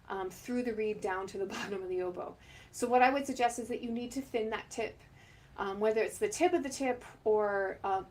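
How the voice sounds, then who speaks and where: A middle-aged woman oboe teacher giving a chatty instructional talk, often correcting herself and laughing. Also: medium pitch.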